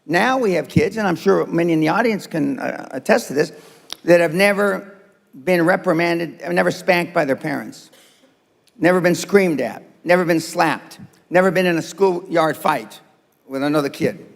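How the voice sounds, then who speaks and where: A man's voice: on the high side, normal speed, creaky, in a large hall. An older man giving a blunt, profane and confrontational seminar speech to a live audience. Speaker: motivational speaker. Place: seminar room.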